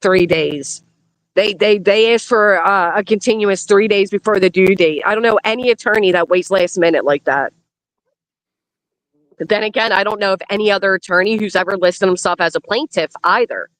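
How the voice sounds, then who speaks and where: A woman's voice: mid-range voice, normal speed, no room sound, poor audio. A woman from Pennsylvania giving blunt, emphatic commentary on a casual live stream. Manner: blunt, emphatic, repeats warnings.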